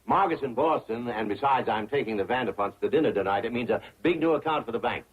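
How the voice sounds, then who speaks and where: An actor playing a flustered, fussy middle-aged banker in a 1960s sitcom. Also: male voice, mid-range voice, fast, husky, natural voice. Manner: fussy, sputtering. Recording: dull old TV audio.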